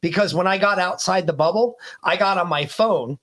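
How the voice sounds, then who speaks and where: A man with a notably high speaking voice tells a story in a casual podcast conversation. He talks emphatically, pressing his points home. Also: normal speed, fairly bright tone. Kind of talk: casual chat.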